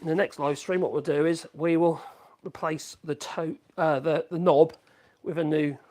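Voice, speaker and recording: A man's voice: fairly high pitch, fairly even intonation, moderate pace, a little mellow. A man chatting casually on a woodworking live stream, rambling, correcting himself and humming between thoughts. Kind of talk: casual live-stream chat while working.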